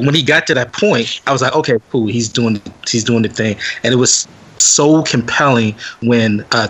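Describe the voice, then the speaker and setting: A man's voice: mid-range voice, breathy edge. A young man hosting a podcast, telling a story in casual chat, acting out what people said and laughing often. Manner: animated storyteller, acts out quotes, laughs often. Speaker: podcast host.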